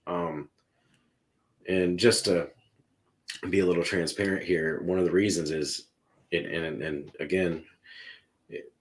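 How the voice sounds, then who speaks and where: A man's voice: deep voice, steady tone, slow, long pauses. A man talking casually about music on a podcast, earnest and emotional, rambling with many restarts. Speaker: podcast panelist ranking songs.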